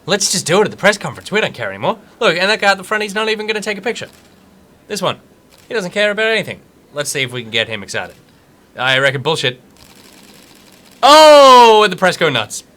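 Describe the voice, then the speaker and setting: Sharp-voiced chatty male game streamer. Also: sits high, big pitch swings, fast talker. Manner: chatty, reads game text aloud and reacts jokily. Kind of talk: casual live gameplay commentary.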